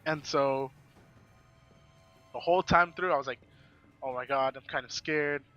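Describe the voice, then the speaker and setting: A man's voice: medium pitch, measured pace, sharp tone, dull audio, faint music behind. A man chatting casually as a podcast guest, telling a rambling story and acting out quoted lines. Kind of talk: casual chat.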